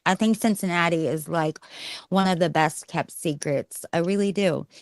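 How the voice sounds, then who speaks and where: A woman's voice: fairly low pitch, moderate pace, no echo, clean studio sound. A woman with a Southern US accent chatting as a guest, bubbly and boastful, laughing often. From Nashville, Tennessee, US. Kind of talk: casual chat.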